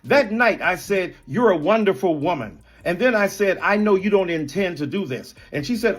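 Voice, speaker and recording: A man's voice: sits high, lively intonation, moderate pace, few pauses. A man in a heated on-air debate, speaking indignantly and emphatically, stacking up accusations one word after another. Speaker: guest in a televised debate.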